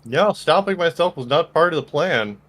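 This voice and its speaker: A man's voice: fairly high pitch, lively intonation, moderate pace, a bit bright. Hesitant man playing a tabletop game. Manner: hesitant, full of ums and uhs. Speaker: player.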